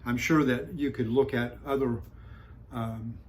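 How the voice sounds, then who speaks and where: A male pastor preaching a sermon, telling a story calmly with frequent pauses and fillers before turning to scripture. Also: medium pitch, rough recording. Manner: calm storytelling with frequent fillers, rising for punchlines.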